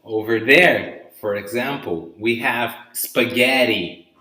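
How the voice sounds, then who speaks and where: Slow, echoey male English teacher. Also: mid-range voice, sharp tone. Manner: slow, repeats "okay?" and "right?" after each word; lifts to an upbeat "very good" between items. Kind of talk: live online vocabulary lesson. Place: room at home during lockdown. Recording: echoey room, mic at a distance.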